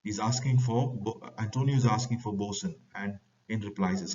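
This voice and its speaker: A man with an Indian English accent teaches a class, stopping to read quoted lines from a play with more force before explaining them. His voice sits a little low. The recording is muffled and lo-fi, and he sounds set back from the microphone. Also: moderate pace, hardly any pauses. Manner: reads quoted lines louder and higher, then paraphrases plainly. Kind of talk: reading and explaining a play to students. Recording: lo-fi, distant from the mic.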